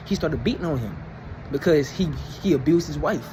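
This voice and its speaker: A man's voice: a little high, expressive, fairly quick, noisy background. A young man retelling a myth in a casual, rambling, slangy way. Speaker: storyteller. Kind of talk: casual storytelling.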